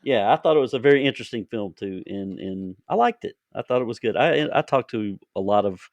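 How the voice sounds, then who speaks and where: A man with a Southern US accent from the Deep South, hosting a casual podcast interview, easygoing with frequent stammering restarts. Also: expressive, fairly quick, no echo, dull audio. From Deep South, United States. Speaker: podcast host.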